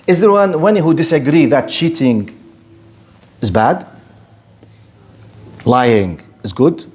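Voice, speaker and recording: Animated man giving a religious lecture. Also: fairly high pitch. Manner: animated and rhetorical, mimics objectors in quick asides. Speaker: Islamic lecturer. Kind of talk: lecture to an audience.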